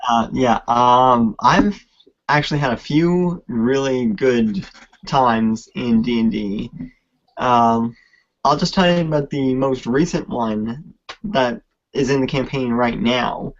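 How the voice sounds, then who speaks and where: A man on a podcast telling a tabletop game story at a slow, halting pace, full of fillers, on a lo-fi recording. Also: mid-range voice. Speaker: podcast co-host.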